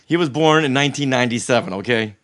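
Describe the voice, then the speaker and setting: A man's voice: medium pitch, quick pace, a bit bright, slight background noise. A man co-hosting a podcast in casual chat with his wife, teasing and talkative. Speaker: podcast co-host.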